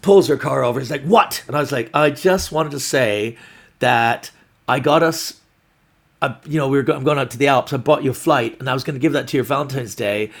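Male comedian, raspy-edged voice, loose storytelling, lots of restarts. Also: mid-range voice, fairly quick. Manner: rambling, animated storytelling with restarts and acted-out quotes. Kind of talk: storytelling on a podcast.

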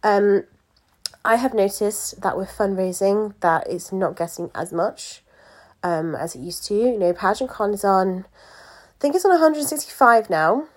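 A woman's voice: medium pitch, lively intonation, a little slow. Chatty woman, candid and rambling. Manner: chatty, candid, many fillers and asides. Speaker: pageant coach and event organiser. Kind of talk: casual monologue to followers.

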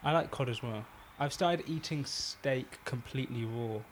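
A young man guesting on a podcast in casual chat, soft-spoken with dry, deadpan answers. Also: medium pitch, normal speed. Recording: noisy recording with clicks.

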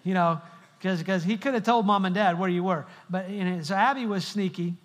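Man preaching, high voice, joking storyteller, long church reverb. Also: fairly quick. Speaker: pastor. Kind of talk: humorous sermon. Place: large church hall.

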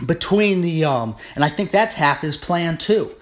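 A man from the United States delivering a political rant on his vlog, rambling with many fillers and restarts and rising into indignant shouting. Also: on the high side, expressive, a little slow. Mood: furious. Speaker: political commentator.

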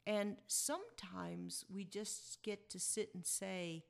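A woman's voice: mid-range voice, slow, vocal fry, few pauses. A woman hosting a podcast tells a personal story to her listeners. Her delivery is chatty and reflective, and she chuckles as she talks. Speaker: podcast host.

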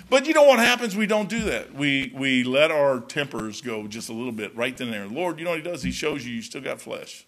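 A man's voice: mid-range voice, a little fast, few pauses. A man preaching a folksy, storytelling sermon as pastor, peppering his talk with "man". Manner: folksy, storytelling, animated, says "man" often.

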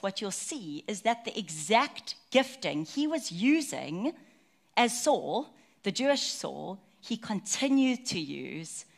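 A woman, preaching to her church. She talks in a chatty, personal way and keeps stopping for stories and asides. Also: mid-range voice. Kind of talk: sermon.

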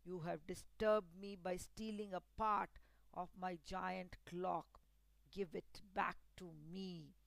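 A woman's voice: lowish voice, fairly even intonation, takes it slowly, creaky, fairly bright tone, no room sound, exaggerated voice, low-quality recording. A woman voicing an ancient male genie who speaks in a commanding, stern way, in a storybook reading. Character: ancient male genie, once aggressive, gruff.

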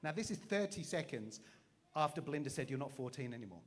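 A man, preaching through a funny personal story with a self-mocking, animated manner and acted-out voices. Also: a little high, fast talker, husky. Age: 40s. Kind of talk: storytelling sermon.

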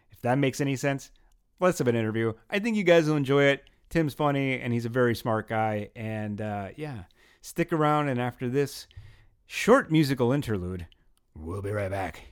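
Lively, rambling male podcast host. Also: medium pitch. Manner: rambling, self-mocking storytelling. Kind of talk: casual monologue and chat.

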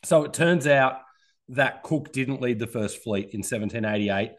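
A man's voice: mid-range voice, normal speed. A man in his thirties with an Australian accent hosts a casual podcast chat. He talks in an easy, chatty way and pokes fun at himself. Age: 30s. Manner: self-deprecating, chatty. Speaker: podcast host.

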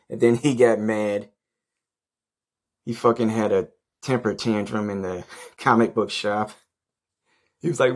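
A man hosting a podcast, telling a rambling story in a blunt, profane, casual way. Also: low-pitched. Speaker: podcast host.

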